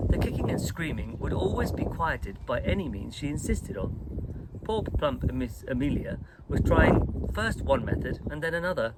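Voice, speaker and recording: A man reading a children's storybook aloud in an expressive, lively way. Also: mid-range voice, noisy background. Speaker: storybook reader.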